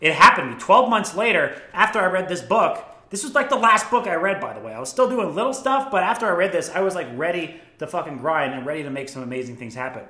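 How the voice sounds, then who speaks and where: Swearing freely, this young vlogger eagerly tells stories while casually recommending books. His high, bright voice swings widely in pitch and sounds forceful, coming quickly with hardly any pauses, and the room is echoey.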